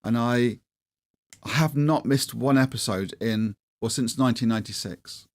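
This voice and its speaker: A man's voice: mid-range voice, unhurried, no echo. A middle-aged man hosting a livestream, chatting casually in a rambling, self-deprecating way with many restarts. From England. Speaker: livestream host.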